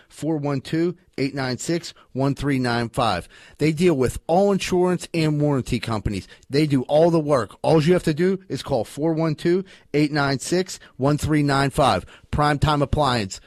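Podcast host, male, a bit high-pitched, dry close mic. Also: animated, normal speed, dry recording. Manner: loose, profane storytelling. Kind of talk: casual podcast chat and ad reads.

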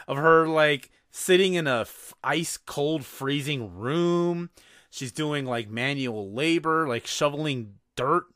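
A man's voice: medium pitch, fairly bright tone, dry recording, studio quality. A man hosting a podcast, chatting casually about a movie, rambling with lots of fillers and laughs. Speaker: podcast host. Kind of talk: casual movie-review chat.

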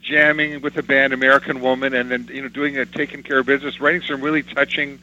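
A man's voice: medium pitch, little pitch movement, fast talker, pushed and bright. An older man from Canada, a musician, telling stories from his life in an interview and acting out the people he quotes. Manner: anecdotal, reminiscing, acts out quoted voices. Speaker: musician guest. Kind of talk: interview storytelling. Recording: slightly dull with faint hum.

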